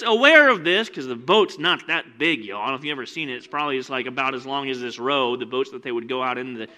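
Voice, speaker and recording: A man preaching a sermon in a church, animated and conversational, with asides to the congregation. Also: medium pitch. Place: church sanctuary with rows of seats.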